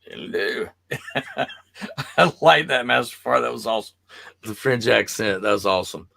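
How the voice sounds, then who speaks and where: A man hosting a casual video-call chat who rambles, laughs often and talks in an animated way. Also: medium pitch, normal speed, creaky. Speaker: host.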